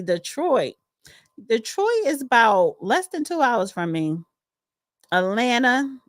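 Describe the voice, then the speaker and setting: Slow-talking woman co-host. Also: medium pitch, dry recording, studio quality. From East Orange, New Jersey. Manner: chatty and frank, calls listeners honey. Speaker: podcast co-host reading live chat. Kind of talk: casual livestream chat. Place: at home.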